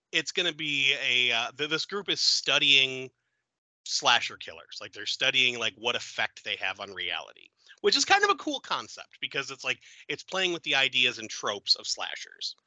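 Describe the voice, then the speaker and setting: A man hosts a casual podcast, walking through a movie's plot with a lively, swooping voice. He sounds bright and forward, and giggles often as he tells the story. The recording is dry and close. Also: mid-range voice, moderate pace, no echo, poor audio. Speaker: podcast host. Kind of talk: casual film review chat.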